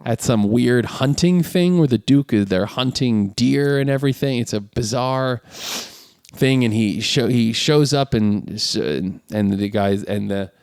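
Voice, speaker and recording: A man's voice: medium pitch, measured pace, a little mellow, smooth, no room sound, studio quality. A man co-hosting a podcast, animatedly retelling a film and laughing often. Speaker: podcast co-host. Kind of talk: casual chat.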